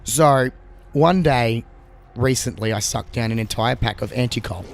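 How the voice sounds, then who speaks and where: Australian man, sore throat, gravelly voice, rambling crude storyteller, casual gaming chat. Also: mid-range voice, measured pace, slight background noise. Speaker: gaming video co-host.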